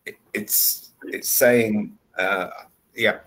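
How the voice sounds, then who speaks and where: Male English tutor on a video call, patient and unhurried, with a very animated pitch. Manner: patient, explains step by step. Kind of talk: one-on-one online lesson.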